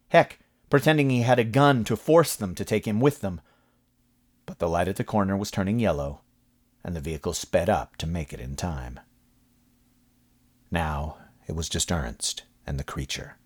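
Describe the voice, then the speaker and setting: A man narrating a horror story from a script, with expressive, dramatic delivery. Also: deep voice. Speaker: audiobook narrator.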